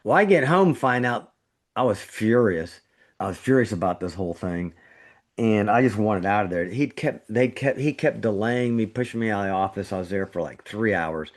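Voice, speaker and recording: Low-voiced man telling an animated story. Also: normal speed. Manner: animated storytelling, voice jumping up when indignant. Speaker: trauma surgeon, podcast co-host. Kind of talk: casual podcast chat.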